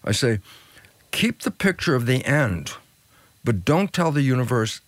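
Animated older man telling a story. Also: measured pace, no room sound. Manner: acts out quoted dialogue, swings pitch widely for emphasis. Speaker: interview guest, biologist.

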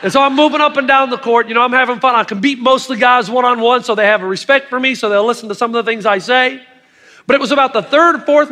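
A middle-aged man preaches a sermon in a strikingly high, bright voice. He tells stories with emphatic asides to the congregation. The sound rings with long reverb from a large hall. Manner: storytelling, emphatic with audience asides.

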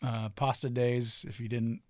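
A man's voice: mid-range voice, little pitch movement, unhurried, a little mellow, no room sound, clean studio sound. A man who co-owns a restaurant, answering interview questions in an easygoing way with many filler words. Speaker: restaurant co-owner, guest.

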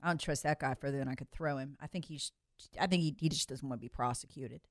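A woman hosting an opinion monologue, sarcastic, swinging from loud outbursts to muttered asides and mocking voices. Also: a bass voice, fast talker, no room sound, studio quality. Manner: acts out mocking voices of others. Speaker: political commentary host.

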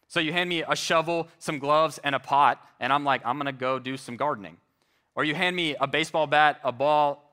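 Male pastor, sermon delivery, earnest and emphatic, bright tone. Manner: earnest preaching, slows and drops low on key phrases.

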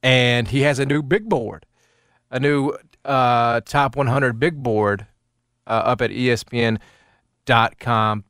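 A man's voice: mid-range voice, takes it slowly, clear, resonant tone, dry recording, clean studio sound. A man hosting sports talk radio, telling stories animatedly with lots of fillers. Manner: animated storytelling with many fillers. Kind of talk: casual sports radio banter.

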